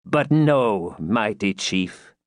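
A man reading aloud and voicing a vengeful, gloating old woman, slow, grim and mocking. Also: fairly low pitch, expressive, no room sound, studio quality. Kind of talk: audiobook character reading.

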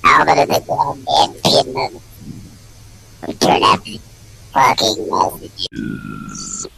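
A man putting on a squeaky cartoon chipmunk-style announcer through a high pitch-shifting voice changer, in a crude mock delivery. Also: little pitch movement, slow pace, gravelly, noisy background, heavily acted.

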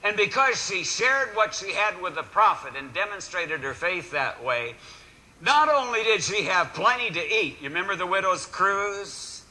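Bright, animated male preacher. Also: high-pitched, moderate pace, poor audio. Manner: animated, acts out voices, swings between loud and quiet. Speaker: pastor. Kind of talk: sermon.

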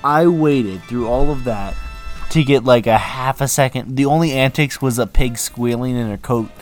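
A man's voice: medium pitch, moderate pace, soft background music. Man with dry sarcastic podcast quips. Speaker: podcast co-host. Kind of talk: casual comedic chat.

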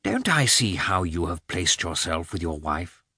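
A man's voice: deep voice, sing-song, a little slow, sharp tone, slightly rough, dry recording, studio quality, heavily acted. A man voicing a worldly, jovial middle-aged nobleman who talks in a breezy, persuasive, lecturing way.

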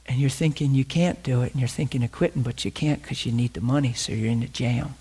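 A man's voice: medium pitch, fairly even intonation, fast talker, few pauses, warm tone, slightly rough. A middle-aged man preaching a sermon, telling a story and acting out the dialogue.

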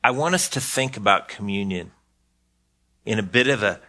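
A man's voice: lowish voice, lively intonation, moderate pace, bright, forceful tone. An older man preaching a sermon as pastor, earnest, often repeating a word as he starts a phrase.

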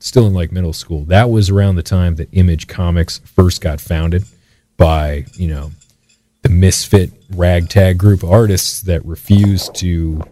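Deep, dark-toned man telling a rambling story. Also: no echo. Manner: rambling, profane, many fillers and restarts. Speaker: artist guest on a metal radio show. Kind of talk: casual storytelling interview.

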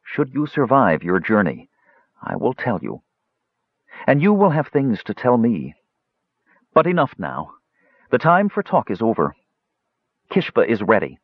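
A secretive dwarf juggler talks earnestly and in riddles, as a man puts him on. The voice is pitched up from the reader's own, gravelly and husky. The sound is dry and dull. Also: wildly swooping pitch, unhurried, long pauses, no room sound, exaggerated voice. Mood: cryptic. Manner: earnest and cryptic. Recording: dull lo-fi audiobook recording.

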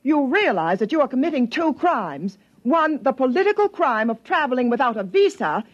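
A prim, stern older sister, formal and scolding with a high, animated voice. The delivery is classic 1950s radio-play acting. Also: female voice, moderate pace, lo-fi sound.

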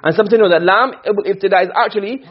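Male teacher, high and husky voice, rapid classroom lecture that keeps asking students questions, dull lo-fi recording. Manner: quick, questioning students often, mixing Arabic terms. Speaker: teacher of Arabic rhetoric.

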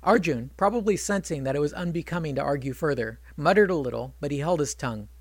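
A man's voice: fairly high pitch, expressive, quick pace, no room sound. A man retelling an epic in casual storytelling with chatty, wry asides.

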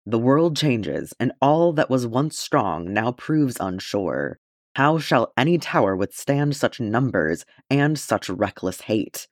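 Male reader as an old king, grave, slow, low voice. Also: no room sound, clean studio sound, exaggerated voice. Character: old weary king, bitter and proud.

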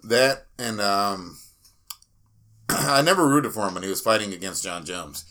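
A man's voice: on the low side, a little slow, pushed and bright. A man co-hosting a fight podcast in profane casual chat, joking and swearing in a laid-back way. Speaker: podcast co-host.

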